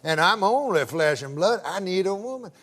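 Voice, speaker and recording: A man voicing a tough, lonely old gold prospector with a rural American drawl, telling his woes in a low drawl. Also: animated, normal speed, fairly bright tone. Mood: gruff, pleading. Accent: rural American drawl, put on.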